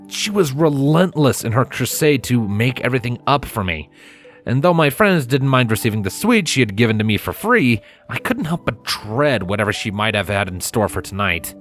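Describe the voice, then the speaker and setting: A man narrating a fanfiction audiobook in the first person, with a measured storytelling delivery. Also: lowish voice, fairly bright tone.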